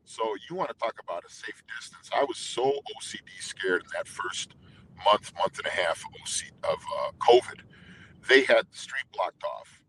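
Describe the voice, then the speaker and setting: An intense middle-aged man tells long rambling stories, tripping over his words and starting over. His voice is bright and forceful. There is faint background noise. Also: lowish voice, animated, normal speed, low-quality recording. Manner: intense, rambling storyteller with many restarts. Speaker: guest singer. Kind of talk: casual interview talk.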